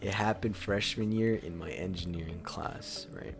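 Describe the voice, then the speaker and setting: A man's voice: sits low, steady tone, moderate pace, gravelly, music in the background. A young man co-hosting a podcast, telling a story in a rambling, casual way with lots of fillers and bursts of laughter. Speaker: podcast co-host.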